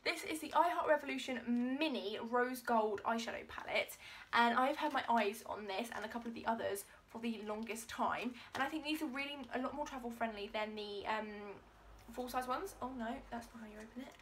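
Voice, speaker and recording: A woman's voice: on the high side, fairly quick, a little hiss or hum. Gushing young woman vlogger. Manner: gushing, gasping, lots of "oh my god". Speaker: beauty vlogger. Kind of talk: excited unboxing vlog.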